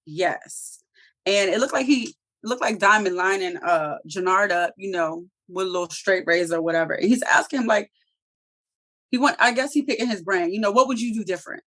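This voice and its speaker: A woman's voice: medium pitch, normal speed, fairly bright tone. A woman casually recapping a TV episode, swearing freely and acting out the characters' lines. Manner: slangy, profane storytelling with acted-out quotes. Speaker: TV show reviewer.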